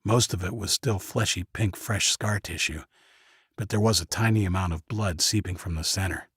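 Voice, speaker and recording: A man's voice: sits low, moderate pace, fairly bright tone, slightly rough, no echo, clean studio sound. A man narrating a first-person audiobook, voicing every character himself.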